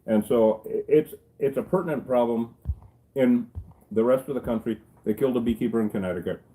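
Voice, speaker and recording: A man's voice: mid-range voice, brisk, mellow, low-quality recording. A middle-aged man, a beekeeper, telling stories in casual chat, rambling and cracking jokes with salty asides. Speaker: beekeeper and channel host.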